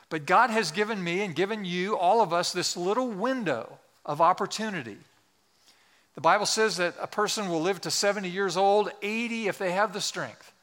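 A male pastor preaching a sermon in an earnest, exhorting way, slowing down to stress key words. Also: sits high, bright, forceful tone. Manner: earnest, exhorting, slows for emphasis.

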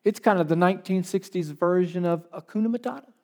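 A man delivering a sermon as pastor, his voice sitting a little on the high side. He lands his main points with emphasis and repeats them for weight. Between those points he slips into chatty, conversational asides with quick restarts. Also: a little mellow.

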